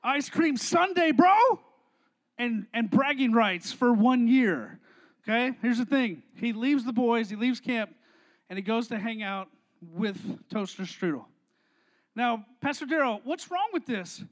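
A young man leads a youth service, his voice unusually high and bright in tone. He stays playful and energetic, bantering with kids between skits. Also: a little slow. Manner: playful, energetic, talks to crowd. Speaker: youth pastor. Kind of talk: youth sermon with skit.

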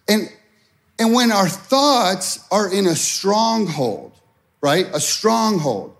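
A middle-aged man preaching a sermon in a conversational way, voicing worried prayers as he goes. His voice sits high, and he takes his time over the words. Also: sing-song, takes it slowly, gravelly. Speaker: pastor.

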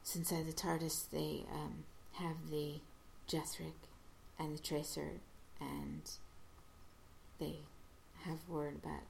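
Low gravelly woman slowly retelling a show episode, stops and restarts a lot. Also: level tone, slight background noise. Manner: halting, restarts, acts out quoted lines. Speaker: episode recapper. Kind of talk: casual episode recap.

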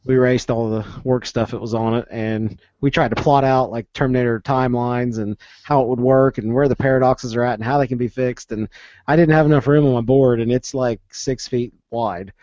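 A man's voice: medium pitch, a little fast, no echo. A man with a US East Coast accent, co-hosting a podcast in casual chat and acting out quotes as he tells stories. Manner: animated storyteller, acts out quotes. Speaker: podcast co-host. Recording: dull, lo-fi dry sound.

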